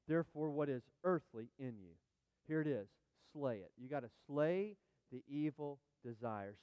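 A middle-aged male pastor preaching with animated emphasis, repeating phrases and turning often to the congregation. His voice is smooth, resonant and fairly high for a man, recorded close and dry. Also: no room sound. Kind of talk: sermon.

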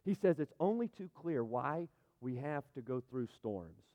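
A man preaching a sermon, emphatic and building to loud peaks as he speaks. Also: medium pitch, expressive, a little slow. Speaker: pastor. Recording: dull sound, long hall reverb.

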